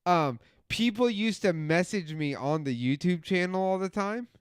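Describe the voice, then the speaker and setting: On a casual podcast recorded in a home studio, a male co-host tells loose, profane stories, animatedly acting out what people said. His voice is high, clean, and at normal speed, in a dry recording of studio quality.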